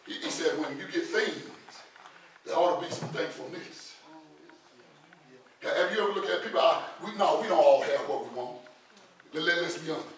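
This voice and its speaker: A middle-aged male pastor preaching a sermon, repeating words in stammering restarts and building to shouted peaks. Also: on the high side, a little hiss or hum. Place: church sanctuary with congregation. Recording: very echoey church from far off, congregation audible.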